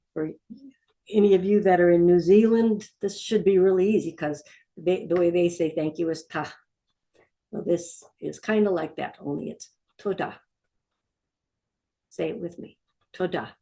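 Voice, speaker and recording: A woman's voice: fairly low pitch, dark tone. A woman teaching a beginner Hebrew lesson, patiently repeating each word for learners to say back. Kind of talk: language lesson.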